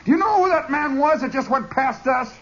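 A man voicing a loud, flustered army lieutenant who barks out orders, on a dull lo-fi recording. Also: very high voice, animated, a little fast, a little hiss or hum, voice pushed up, heavily acted. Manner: barking, shouted orders.

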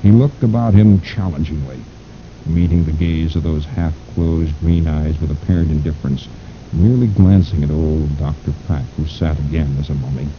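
A man narrating pulp fiction aloud in a theatrical way, lingering on ominous words. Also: normal speed. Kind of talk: dramatic audiobook reading of pulp fiction. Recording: dull lo-fi recording with rumble.

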